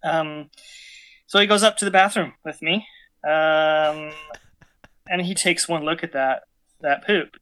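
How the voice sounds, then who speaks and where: A man's voice: on the high side, fairly even intonation, takes it slowly, long pauses, sharp tone, clean tone. A man in casual chat, telling a story animatedly with many fillers and restarts.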